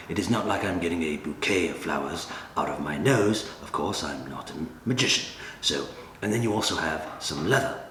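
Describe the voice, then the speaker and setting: Deadpan guy reviewing stuff, real low voice, echoey room, bit of hiss. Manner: dry, deadpan humor. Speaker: cigar reviewer, channel host. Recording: echoey room with faint ambient noise.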